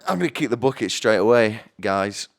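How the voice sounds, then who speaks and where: A man's voice: lowish voice, expressive, brisk, gravelly, over loud music. A young man from Sheffield with a light Yorkshire accent, telling wry, self-mocking comic stories to viewers. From Sheffield, England. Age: young adult. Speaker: podcast host. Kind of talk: comic monologue.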